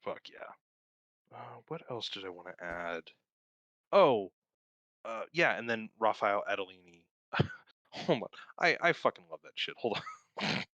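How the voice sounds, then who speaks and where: Young male co-host, low pitch and bright, forceful tone, rambling and profane, laughs often. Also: sing-song, measured pace, no room sound. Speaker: podcast co-host. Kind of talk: casual film review chat.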